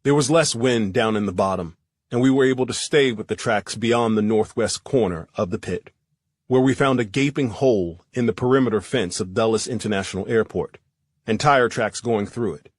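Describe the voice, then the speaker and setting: A man narrating a first-person thriller audiobook in a steady, measured reading. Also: on the low side, no echo.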